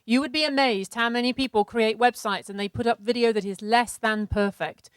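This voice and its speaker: A middle-aged woman walks a seminar audience through practical business advice in a brisk, organized, businesslike way. Her voice is smooth and resonant and sits a little high. The sound is dry. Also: steady tone, no echo. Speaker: seminar co-presenter. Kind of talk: instructive business presentation.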